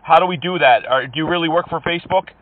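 Brief: man in prank-call mode, taunting and crude, a bit higher than most men, dry tinny phone sound. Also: quick pace, no room sound. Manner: mocking, insulting, swings between fake-polite and yelling. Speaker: scam-baiting prank caller.

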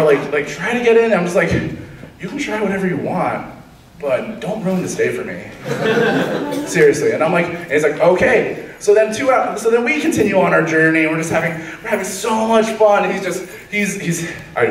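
A man's voice: high voice, expressive, a little fast, reverberant, far from the mic, crowd noise, poor audio. A man in his twenties telling a rambling stand-up story on a comedy stage, laughing at his own jokes.

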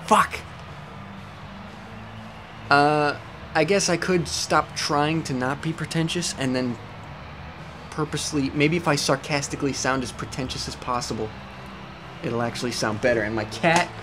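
A man's voice: a little high, unhurried, long pauses, noisy background. A young man casually commenting over gameplay at home, rambling, self-mocking and swearing often. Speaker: let's play host. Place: at home with a cat.

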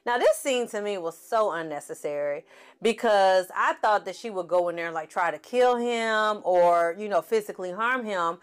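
A woman's voice: mid-range voice, moderate pace, smooth. A woman giving a sassy, chatty recap of a TV series and acting out the characters' lines as she goes. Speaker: TV series reviewer. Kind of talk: casual recap commentary.

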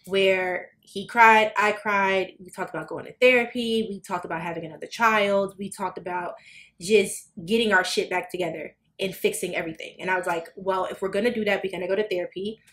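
Animated, foul-mouthed woman telling a story. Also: brisk. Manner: animated, swearing, acts out quotes with big jumps in pitch. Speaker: podcast co-host. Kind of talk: casual storytelling chat.

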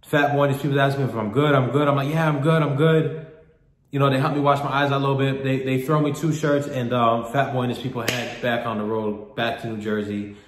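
A man's voice: mid-range voice, flat delivery, brisk, reverberant. A man vlogging a personal story in a candid, profane, rambling way, often repeating himself. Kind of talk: casual storytelling monologue.

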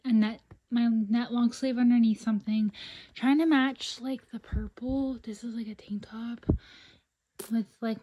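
A woman's voice: fairly high pitch, mellow. A young woman vlogging casually, rambling and thinking aloud with lots of "like"s as she plans an outfit. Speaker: fashion vlogger. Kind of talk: casual vlog chat.

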